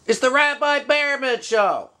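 A man's voice: very high voice, unhurried, bright, forceful tone. A man playing the straight man in a comedy skit, correcting and needling with an exasperated tone. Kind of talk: comedy banter.

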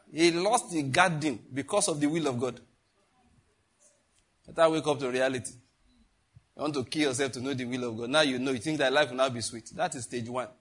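Pastor guy, kinda husky, highish voice, chatty jokey sermon. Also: a bit bright. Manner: conversational, jokey, asks the congregation questions. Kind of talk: teaching sermon.

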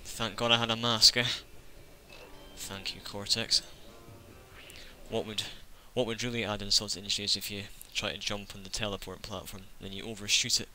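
A man's voice: lowish voice, little pitch movement, moderate pace, bright, forceful tone, a little hiss or hum. A man giving casual let's-play commentary, full of sarcastic, joking asides to the game.

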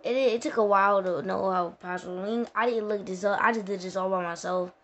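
A woman's voice: medium pitch, steady tone, a little fast, a bit bright. A woman talking through a video game walkthrough in a casual, rambling way, full of slang and restarts. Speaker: gaming tutorial host. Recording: dull lo-fi sound with faint noise.

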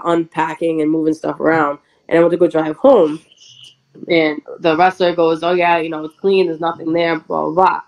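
A woman pro wrestler telling a story in a casual interview, chatty and animated, full of "like" and quick laughs. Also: low-pitched, poor audio.

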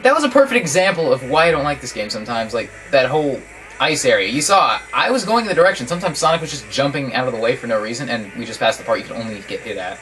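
A man casually commentating while he plays a video game, chatty and joking with sudden excited yelps. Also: medium pitch, fast, a little hiss or hum. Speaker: guest player commentating. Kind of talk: casual let's-play commentary. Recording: from a distance with game music behind.

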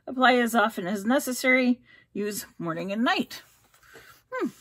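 A woman's voice: fairly high pitch, expressive, normal speed, a bit bright. A middle-aged woman chatting casually as she unboxes beauty products, reading labels aloud and stumbling over ingredient names. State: hiccups. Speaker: unboxing vlogger.

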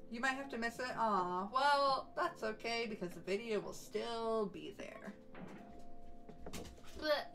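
A woman's voice: a little high, measured pace, creaky, hardly any pauses, fairly bright tone, soft background music, poor audio. A young woman streaming from home, chatting casually with her viewers in a bubbly, chatty way. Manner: chatty, bubbly, coos baby talk to her dogs. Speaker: VTuber streamer. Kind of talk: casual live-stream chat.

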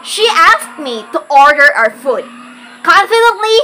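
A woman giving a humorous storytelling speech, dramatic and animated as she plays her younger self. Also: very high voice, measured pace, a little hiss or hum, poor audio. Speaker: speaker.

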